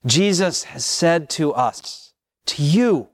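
Pastor guy preaching real slow, a bit high voice, dry sound. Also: animated, no echo. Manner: slow, measured preaching with repeated phrases and long pauses. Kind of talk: sermon.

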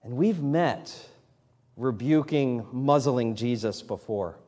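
Speaking slowly in a dark, medium-pitched voice, this pastor in his thirties preaches in a church sanctuary. He begins in a conversational way and works up to emphatic lines that rise, all wrapped in the long reverb of the church hall.

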